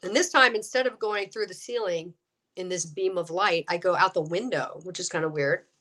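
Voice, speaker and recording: A middle-aged woman with a bright, forceful voice tells her story with lively energy. She is getting over a cold, acts out the voices of people she quotes, and laughs often. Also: fairly low pitch, normal speed. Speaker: guest, actress and UFO experiencer. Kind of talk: animated storytelling.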